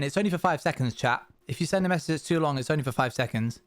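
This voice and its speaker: A young British man streaming live, chatting casually and answering his viewers' questions in quick, upbeat bursts. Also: fairly high pitch. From Britain. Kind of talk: casual livestream chat with viewers.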